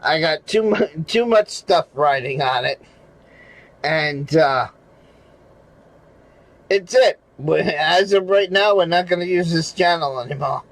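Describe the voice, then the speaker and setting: On a low-quality recording, a man with a fairly high voice takes it slowly and pauses often while chatting casually on a livestream as a regular show panelist. He circles back to the same point repeatedly, cursing and laughing between phrases.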